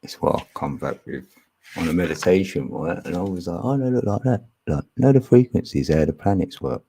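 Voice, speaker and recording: Gravelly low-voiced man rambling. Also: animated, fairly quick, dark tone, slight background noise. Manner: chatty, laughs often, thinks aloud while searching. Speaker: livestream host. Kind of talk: rambling casual monologue.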